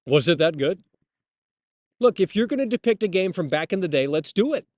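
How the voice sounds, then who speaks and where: A man hosts a live stream and rants about games in a blunt, profane way. He repeats words and restarts his sentences often. His voice sits slightly high, and the sound is dry and close. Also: animated, fairly quick, darkish tone, no room sound. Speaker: streamer host. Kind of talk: casual live-stream rant.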